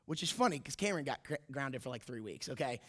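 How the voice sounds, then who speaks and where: A man in his twenties, a youth pastor, telling an animated story in a sermon and acting out the voices in it. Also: mid-range voice, fast talker. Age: 20s.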